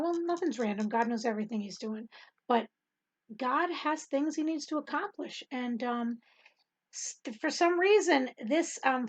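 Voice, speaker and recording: A middle-aged woman telling a rambling testimony in casual talk, with many ums and frequent laughter. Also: sits high. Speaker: Bible study host and teacher.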